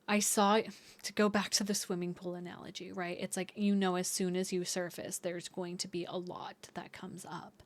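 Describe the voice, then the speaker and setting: A woman giving an intuitive tarot reading to her viewers, talking in a dreamy, searching way with many fillers and restarts. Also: fairly low pitch. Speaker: tarot reader.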